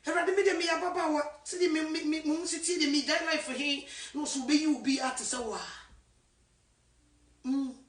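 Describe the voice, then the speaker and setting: A woman evangelist from Ghana, preaching fervently and swinging between shouting and a hush. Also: high-pitched, fairly even intonation, brisk, far from the mic, slight background noise. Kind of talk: impassioned sermon. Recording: echoey room, voice from afar.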